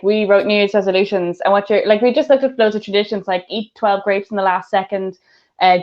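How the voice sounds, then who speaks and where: A woman's voice: mid-range voice, highs cut off. A woman co-hosting a casual chat who giggles often as she talks. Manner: giggly, chatty. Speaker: co-host.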